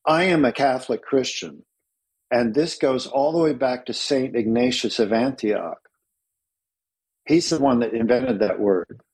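A man interviewed about his work as a church author, speaking in a measured, earnest way and slowing down to stress key words. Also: mid-range voice, a little mellow, husky, low-quality recording. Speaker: interview guest, Orthodox clergy author. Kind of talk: thoughtful conversational interview.

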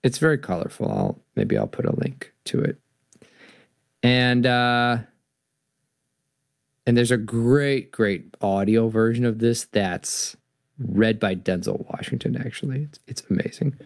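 A man hosting a talk show, reading stories aloud and explaining what they mean in an animated way. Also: mid-range voice, unhurried, gravelly, dry recording, studio quality. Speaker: podcast host. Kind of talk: storytelling and philosophy talk.

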